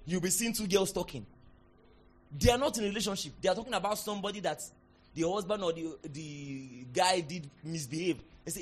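High-voiced Nigerian preacher shouting declarations. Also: male voice, a little fast, slightly rough. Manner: animated, shifts from soft asides to shouted declarations. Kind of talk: sermon.

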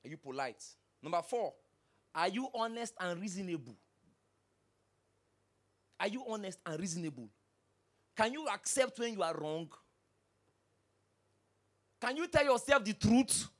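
A pastor preaching a sermon, firing rhetorical questions and swinging from hushed asides to loud bursts. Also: mid-range voice, sing-song, unhurried, long pauses.

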